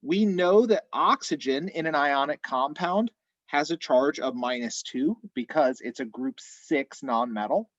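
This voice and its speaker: A man teaching chemistry in an online class, explaining methodically step by step, his voice a little hoarse. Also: on the high side, a little slow, fairly bright tone, no room sound, highs cut off. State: slightly hoarse. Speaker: chemistry instructor.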